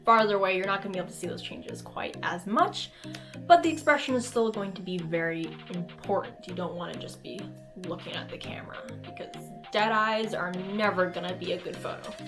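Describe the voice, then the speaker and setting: A woman's voice: mid-range voice, expressive, a little fast, over music. A woman hosting a casual cosplay tutorial, talking to the camera in a playful, goofy way and acting out expressions.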